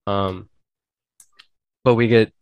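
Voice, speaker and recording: A man's voice: lowish voice, steady tone, slow, darkish tone, smooth, dry recording. A man hosting a podcast in a casual discussion, talking earnestly and bluntly and often correcting himself as he goes. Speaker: podcast host.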